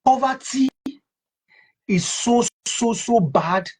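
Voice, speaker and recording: Husky man stressing scripture words. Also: very high voice, lively intonation, takes it slowly, poor audio. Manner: emphatic, repeats key words for stress. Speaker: host. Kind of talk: Bible reading and commentary.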